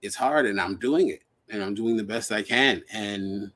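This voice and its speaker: Husky man hosting a live chat. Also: lowish voice, unhurried. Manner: warm-hearted, laughs often, reassuring. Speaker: host of a live stream. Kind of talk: casual live-stream chat.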